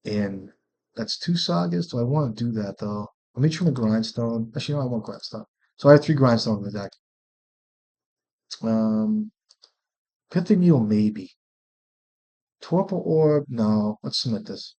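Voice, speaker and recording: A man's voice: mid-range voice, expressive, unhurried, pauses often, mellow. Man muttering through a card game. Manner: profane, muttering, thinking aloud. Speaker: streamer playing a card game. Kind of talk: casual gameplay commentary.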